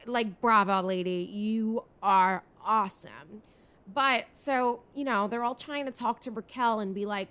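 A woman's voice: on the high side, moderate pace, clean tone. Ranting young woman recapping reality TV. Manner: ranting, animated, frustrated. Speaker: podcast host.

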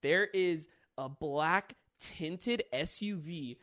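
A young man with a slightly high voice tells a story on his channel in a loose, animated way. He swears freely and leans on fillers, restarting his sentences as he goes. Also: very slow. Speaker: YouTuber host. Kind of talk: casual storytelling chat.

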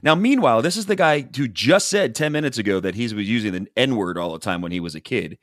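A man's voice: medium pitch, animated, quick pace, no echo, clean studio sound. A man casually recapping a reality show for a podcast, rambling with lots of fillers and acting out what people said. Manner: rambling storyteller, heavy "like" fillers, acts out quotes. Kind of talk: casual chat.

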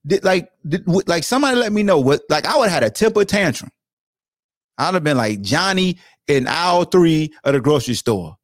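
A podcast host trash-talks in casual sports chat, loose and playful, his pitch swinging widely up and down. He speaks briskly, and the recording is close and dry with no room sound.

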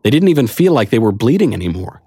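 A man's voice: mid-range voice, big pitch swings, fast, dark tone, breathy edge, no echo. A man reading a first-person story in a wry, conversational manner, recorded on a close studio mic. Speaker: narrator. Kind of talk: first-person audiobook narration.

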